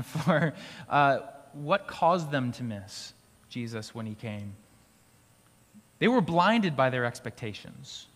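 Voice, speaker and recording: A man's voice: a little high, fairly bright tone. A man preaching a sermon as pastor, in a conversational way with restarts and occasional light laughs. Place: school auditorium used for church gathering. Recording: long hall reverb.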